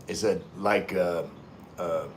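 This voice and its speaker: A fairly low-voiced man hosts a relaxed livestream. He reads viewer comments aloud and answers them, often repeating words as he goes. A faint hum of room ambience sits under his voice. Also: slow. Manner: easygoing, repeats words and restarts while reading. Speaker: livestream host.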